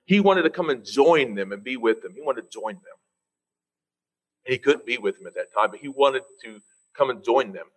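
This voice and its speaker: A man preaching a sermon, teasing his listeners and climbing high in pitch for emphasis, then slowing right down to read scripture. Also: animated, low-quality recording. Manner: reads scripture slowly and deliberately.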